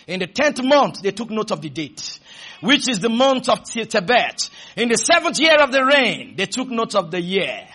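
A male pastor preaching a fervent sermon, leading the congregation in call-and-response and switching between shouted declarations and quick, playful asides. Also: high voice, very animated, breathy edge.

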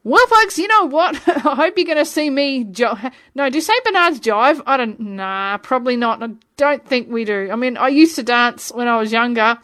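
A woman's voice: fairly high pitch, normal speed, a bit bright, dry recording, studio quality. A woman in her forties, from Australia, hosting her own radio music show from a room at home in a chatty, playful, self-deprecating way. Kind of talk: casual radio presenting.

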